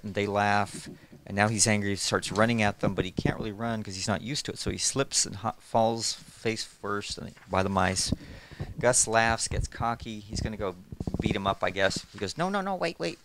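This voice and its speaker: Against a noisy background, a middle-aged man with a lowish voice talks about his work as an animator and storyboard artist. The interview is casual, and he comes across as friendly, rambling, and heavy on fillers.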